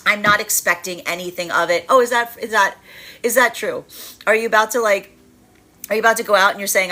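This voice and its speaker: Bright-voiced woman giving a tarot reading. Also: mid-range voice. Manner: animated, acts out quoted inner voices with fillers and laughs. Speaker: tarot reader.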